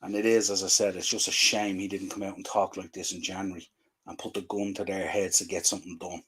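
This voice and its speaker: A man's voice: sits low, flat delivery, a little fast, a bit bright, slightly rough. A man, hosting a fan show and ranting in frustration with repeated rhetorical questions. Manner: exasperated, repetitive rhetorical questions. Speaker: fan podcast host.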